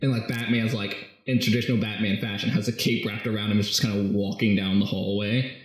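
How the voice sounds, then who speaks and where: A man's voice: on the low side, steady tone, fairly quick. A man casually recapping a movie script as a podcast host, rambling and jokey, full of fillers. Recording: very echoey room.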